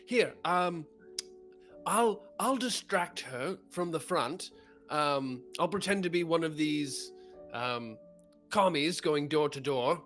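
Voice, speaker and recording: A man playing a tabletop game, casually joking and swearing in halting speech. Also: a little high, lively intonation, a bit bright, soft background music. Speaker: player.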